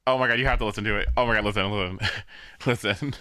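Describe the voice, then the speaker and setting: A man streaming live, excitedly repeating himself as he searches for a clip. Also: on the low side, a little fast, long pauses, dry recording, studio quality. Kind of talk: live reaction commentary.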